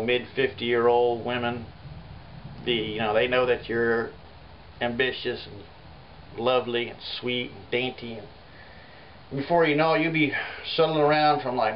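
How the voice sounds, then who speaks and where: Guy rambling a funny story, lots of "you know", mid pitch, muffled lo-fi audio with faint hiss. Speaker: folk artist. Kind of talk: rambling comic monologue.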